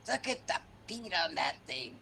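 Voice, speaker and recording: A woman playing a tabletop game, chatting casually in a relaxed, unhurried way. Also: fairly low pitch, gravelly, slight background noise.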